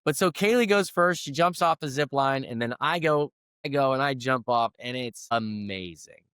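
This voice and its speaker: A middle-aged man speaks as a guest coach, leaning into a personal anecdote with earnest conviction. His voice sits at an ordinary middle pitch. The sound is close and dry. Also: lively intonation, normal speed, pushed and bright, smooth, no echo. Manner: earnest storyteller who acts out quoted dialogue. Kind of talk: storytelling in a conversational interview.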